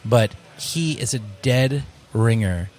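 A man, a bar co-owner, telling stories in a casual interview, animated and full of restarts. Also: mid-range voice, takes it slowly, slight background noise. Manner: storytelling, animated, many restarts.

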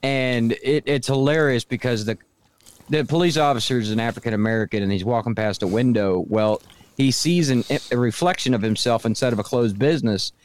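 A man's voice: mid-range voice, brisk. A man co-hosting a podcast in casual chat, telling a rambling, amused story. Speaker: podcast co-host.

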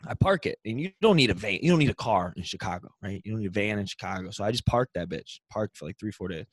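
A man's voice: lowish voice, animated, quick pace, dry recording. A young man co-hosting a podcast, telling a long road-trip story in casual, profane chat and acting out the people in it. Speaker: podcast co-host.

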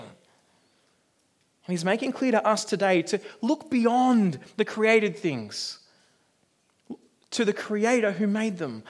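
A man's voice: high voice, a bit bright. A male preacher delivering an earnest, conversational sermon full of rhetorical questions.

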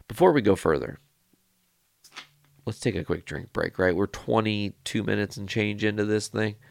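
A man hosting his podcast, telling a personal story in a casual, rambling, animated way and swearing freely. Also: on the low side, vocal fry, no echo. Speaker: podcast host.

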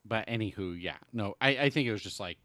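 A man co-hosting a casual podcast, wisecracking and quick to agree with his co-host. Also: lowish voice, pushed and bright, dry recording.

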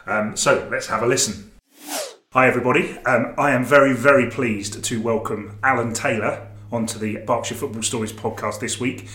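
A man's voice: mid-range voice, steady tone, normal speed, a bit bright. Jokey man hosting, roomy sound. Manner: jokey, chatty, rambling with restarts. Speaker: podcast host. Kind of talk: casual podcast chat. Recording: roomy echo, faint noise.

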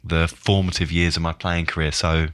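A man, a football coach and former player, speaking reflectively as a podcast guest in casual chat, often halting and repeating words. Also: deep voice, flat delivery, fairly bright tone, slight background noise. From England.

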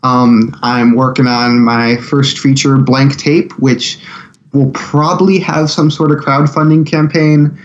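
A man's voice: medium pitch, flat delivery, slow, lo-fi sound. A man who is a guest on a podcast, telling stories in a rambling way with lots of fillers. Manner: rambling, filler-heavy storytelling. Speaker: guest filmmaker. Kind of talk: casual podcast chat.

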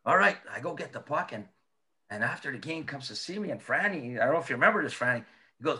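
A man, a former hockey player, telling animated, profane anecdotes in a casual chat, laughing as he goes. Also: medium pitch, quick pace.

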